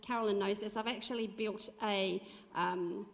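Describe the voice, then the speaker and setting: A woman's voice: medium pitch, steady tone, normal speed, creaky. Chatty woman telling stories in a church hall. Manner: chatty, heartfelt storytelling with fillers. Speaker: church speaker sharing testimony. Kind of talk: church testimony talk. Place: church auditorium. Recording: long reverb of a church hall.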